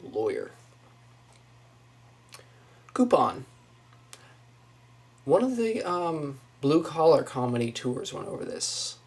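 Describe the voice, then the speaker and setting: A young woman from Northwest Florida speaks with a Southern accent at a slow, easy pace. She talks casually from her apartment, saying a word and then reflecting on how she pronounces it. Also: deep voice, very animated, a little mellow, breathy edge. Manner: musing, says each test word then comments on it. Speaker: vlogger. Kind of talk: casual accent-tag video. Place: small apartment indoors.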